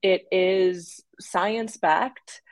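A young woman co-hosting a podcast, chatting casually in a lively, joking way. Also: fairly low pitch, very slow, dry recording. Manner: lively, animated, laughing and joking. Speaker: podcast co-host. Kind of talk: casual chat.

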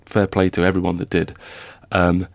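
A man's voice: low-pitched, completely flat delivery, moderate pace, gravelly, dry recording. A man co-hosting a podcast about writing, talking casually with many restarts and fillers. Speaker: podcast co-host, novelist.

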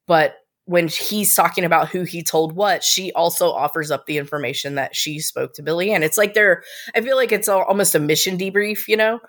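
Low-voiced woman recapping a TV episode. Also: a bit bright. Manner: laughs often while talking, thoughtful asides. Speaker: co-host. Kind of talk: casual TV recap chat.

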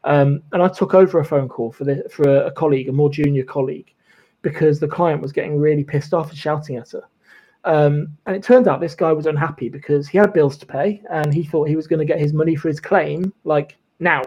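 A man's voice: on the high side, a little fast, a little mellow, lo-fi sound. A man, a former lawyer, telling stories as a podcast guest in a chatty style, swearing and laughing often. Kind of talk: casual chat, storytelling.

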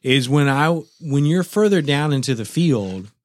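Middle-aged male co-host, lively storyteller who swears freely, dry close-mic sound. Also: mid-range voice, unhurried, dry recording. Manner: animated, swearing, acts out his own shouts. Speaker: podcast co-host. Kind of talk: casual storytelling chat.

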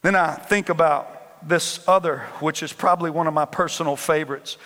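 A man's voice: on the high side, fairly even intonation, normal speed, bright, forceful tone. A man preaching a sermon from the pulpit of a church, emphatic and repetitive, with call-and-response lines. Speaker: pastor. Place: church sanctuary. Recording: long hall reverb.

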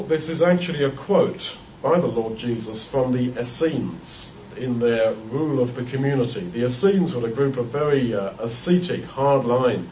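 A man's voice: mid-range voice, a little mellow, a little hiss or hum. A man explaining a Bible passage in an unscripted teaching talk, thoughtful and explanatory, often restarting and repeating words. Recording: roomy echo, heard from a distance.

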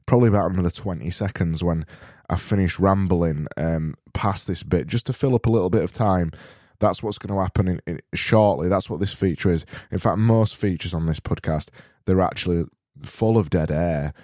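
A man with a South Yorkshire accent hosting a solo podcast, rambling and correcting himself with dry, deadpan humor. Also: deep voice, moderate pace, few pauses, no room sound. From Barnsley, South Yorkshire. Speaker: podcast host.

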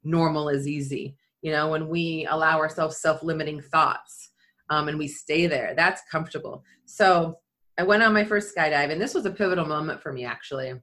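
Middle-aged woman, speaker and athlete, candid storytelling, lowish voice, jumps high when quoting. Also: moderate pace. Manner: animated storyteller acting out quotes in a high voice. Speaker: skydiving athlete and leadership speaker. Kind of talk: storytelling in conversation.

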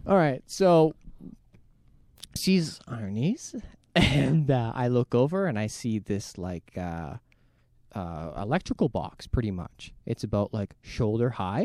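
Animated storytelling man, dry close sound. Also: mid-range voice, slow pace, no echo. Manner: animated storyteller, swears a lot, acts out quotes. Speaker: podcast co-host. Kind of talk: casual storytelling chat.

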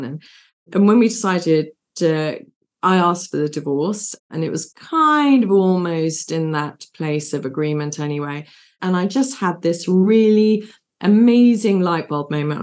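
Middle-aged British woman, low register, warm storyteller, video-call interview guest. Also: normal speed. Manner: warm, effusive, storytelling with quoted inner thoughts. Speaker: guest, divorce coach. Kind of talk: candid interview conversation.

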